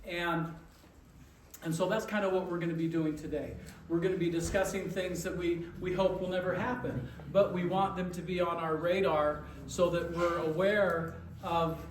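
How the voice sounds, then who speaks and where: A man's voice: high voice, fairly even intonation, normal speed. A man giving a casual presentation, rambling with many restarts and repeated words. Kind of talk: casual talk, joke then presentation. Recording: echoey room, far from mic, noisy.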